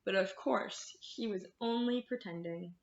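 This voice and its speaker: A woman's voice: mid-range voice, a little slow, a little hiss or hum. A woman librarian reading picture books aloud to children, talking to them in a sing-song way. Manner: warm, sing-song, talks to kids. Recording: roomy, slightly dull sound.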